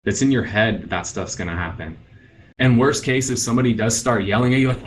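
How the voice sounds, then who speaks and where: A man in his thirties giving a conference sales presentation, coaching in an energetic way and acting out sample phone calls. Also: mid-range voice, fairly quick, poor audio. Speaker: real estate team leader presenting.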